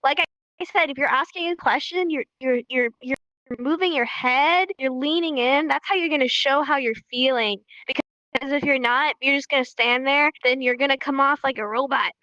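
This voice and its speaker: A high, bright-voiced young woman leads a casual live-streamed sign language lesson. She is animated, repeats key points for emphasis and laughs easily. The audio is dry and a little dull, as on a lo-fi stream. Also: normal speed, no room sound.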